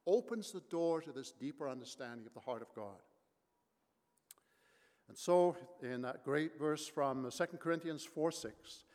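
A man preaching a sermon from the pulpit, his voice sitting a little high for a man. He drives his points home with emphasis and rhetorical questions. A long reverb trails after his words in the big room. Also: a little mellow. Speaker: pastor.

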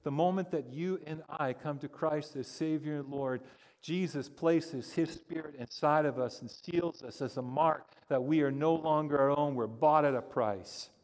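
A man preaching a sermon in a church sanctuary, his voice sitting a little higher than most men's. He tells stories with humor and builds to animated emphasis. A long reverb trails each phrase. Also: unhurried. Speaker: pastor. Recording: long reverb of a large hall.

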